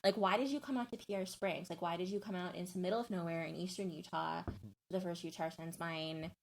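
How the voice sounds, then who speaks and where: A woman's voice: fairly low pitch, steady tone, quick pace, creaky, poor audio. A woman activist guest in a small studio, telling stories in a chatty way with lots of "like". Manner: chatty storyteller, many "like"s. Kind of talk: casual interview chat.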